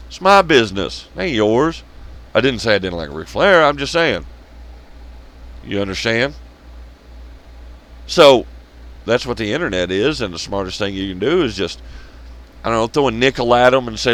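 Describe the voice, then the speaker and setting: Brief: male vlogger, mid-pitch, animated delivery, sarcastic, heavy swearing, blunt rant. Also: normal speed, pauses often. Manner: blunt, sarcastic, swearing often, laughs at own jokes. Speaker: wrestling commentary vlogger. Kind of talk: profane ranting commentary.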